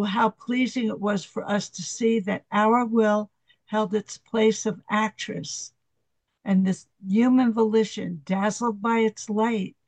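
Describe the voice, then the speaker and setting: Brief: a reader doing a gentle, unhurried Jesus, devotional reading, dry sound. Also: mid-range voice, no echo. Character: Jesus as a tender divine father speaking to a devotee.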